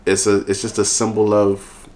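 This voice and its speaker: A man's voice: lowish voice, completely flat delivery, normal speed, a little mellow. A man being interviewed about his work as an event organizer, talking earnestly and often restarting his sentences. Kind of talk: casual interview talk.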